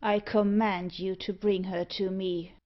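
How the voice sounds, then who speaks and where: A woman's voice: medium pitch, level tone, a little slow, muffled recording, close to an everyday voice. A woman reading the part of a sinister, demonic man in a black cloak, speaking in a cold, peremptory, scornful way. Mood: commanding.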